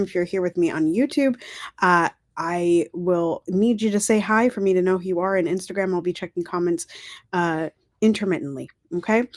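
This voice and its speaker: Low-pitched chatty woman hosting a livestream. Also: a little mellow, no echo, clean studio sound. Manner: chatty, self-correcting, encouraging. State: dry throat, coughing. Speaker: livestream host. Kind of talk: casual livestream talk.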